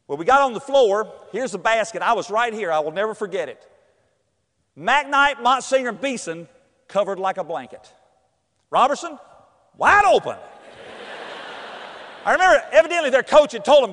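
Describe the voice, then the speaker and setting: A middle-aged man, telling a personal story with animated acted-out voices and shouts. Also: very high voice, fairly quick, big-room sound.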